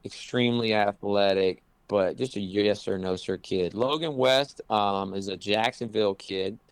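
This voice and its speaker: Man, basketball coach, rambling casual talk, gravelly voice, dry sound. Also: fairly low pitch, measured pace, no echo. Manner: rambling, frequent "you know" fillers. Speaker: college basketball head coach. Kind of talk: casual podcast interview.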